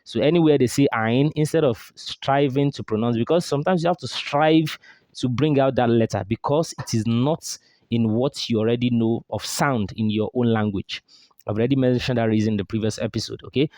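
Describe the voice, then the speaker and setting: A man teaching Quran recitation, drilling throat sounds slowly with exaggerated demonstrations and quizzing his listeners as he goes. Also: mid-range voice, mellow, no echo, clean studio sound. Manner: drills sounds slowly, asks and answers his own questions. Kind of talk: pronunciation lesson.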